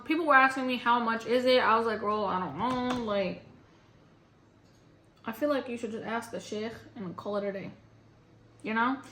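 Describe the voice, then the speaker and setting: A woman's voice: a little high, pushed and bright. A young woman vlogging, venting casually and frankly, rambling with lots of "like". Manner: rambling, frank, heavy use of "like". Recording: roomy echo.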